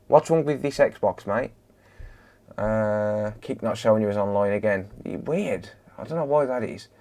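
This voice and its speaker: A man's voice: lowish voice, a little mellow. A man hosting a live stream, greeting viewers one by one and bantering casually with his chat. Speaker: live-stream host, electronics repairer.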